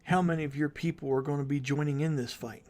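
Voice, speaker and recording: A man plays a calm male companion in a tabletop game who reassures his friends. The voice is steady and a little high. Faint music plays in the background. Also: fast, natural voice. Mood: reassuring.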